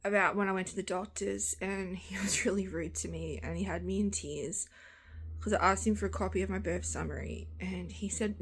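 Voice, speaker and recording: A woman's voice: mid-range voice, a little fast, slight background noise. Groggy, rambling Australian woman vlogger. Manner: rambling, frank, speaks in long run-on sentences. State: tired and groggy. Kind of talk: casual chat.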